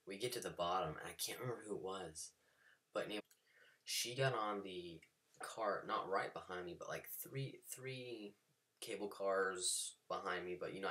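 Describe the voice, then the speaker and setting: Deep-voiced man telling a rambling story. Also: fairly quick. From United States. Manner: rambling, animated anecdote with many fillers and sudden whispered asides. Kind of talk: casual storytelling vlog. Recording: voice a bit far from the mic, faint background noise.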